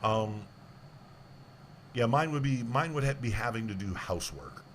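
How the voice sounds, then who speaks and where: A man's voice: medium pitch, animated, moderate pace, slight background noise. A man hosting a radio talk show, blunt and jokey, talking over his guest in casual comedic chat.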